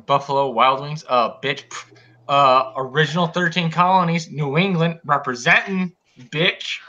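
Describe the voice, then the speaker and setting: A man's voice: fairly high pitch, a little slow, bright, forceful tone. A man from upstate New York bantering crudely and mockingly, joking brashly and laughing easily. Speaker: podcast co-host. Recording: lo-fi voice call with faint noise.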